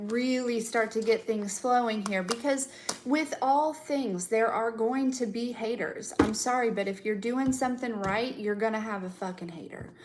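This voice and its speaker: A woman's voice: a little high, noisy background. A young adult woman, a tarot reader, chatting casually to viewers on a live stream, with lots of fillers, giggles and casual swearing. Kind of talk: casual spiritual live chat.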